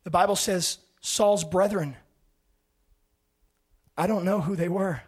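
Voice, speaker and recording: A man preaching an impassioned sermon, swinging between fervent shouting and hushed, quiet passages. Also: sits high, slow pace, slightly rough.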